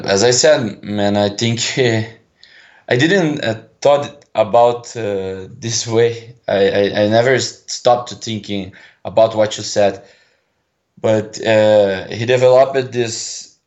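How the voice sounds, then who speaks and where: A man in his twenties with a Brazilian Portuguese accent, calling in and speaking English slowly with many pauses as he searches for words. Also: on the low side, dull audio. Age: 20s. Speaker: caller.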